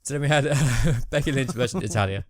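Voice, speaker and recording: A young man co-hosting a podcast, chatting casually about wrestling with a relaxed, hesitant manner and frequent laughs. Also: mid-range voice, quick pace. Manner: laid-back, laughs often, hesitant with ums. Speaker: podcast co-host.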